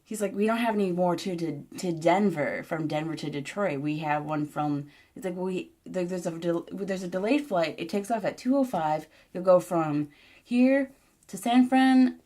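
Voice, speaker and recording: Profane rambling young woman, lowish voice. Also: normal speed, hardly any pauses, darkish tone. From Michigan, US. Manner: frustrated, profane, rambling with many "like"s. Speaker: vlogger. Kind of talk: casual storytime vlog.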